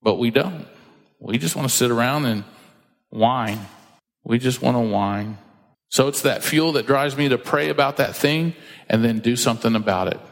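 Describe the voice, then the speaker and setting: A man's voice: medium pitch, moderate pace, gravelly. A man preaching a sermon as pastor, emphatic and conversational, acting out quoted voices as he teaches. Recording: long hall reverb.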